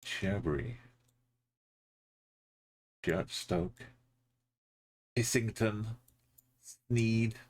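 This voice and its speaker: Slow gravelly man muttering while gaming. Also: lowish voice, expressive. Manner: mutters place names, playful asides. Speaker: streamer. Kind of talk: casual live-stream commentary while playing.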